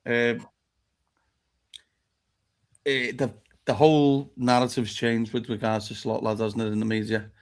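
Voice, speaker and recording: Bloke hosting a live fan show, swears a lot, blunt, reads out the chat. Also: male voice, medium pitch, little pitch movement, a little slow, pauses often. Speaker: host of a fan talk show.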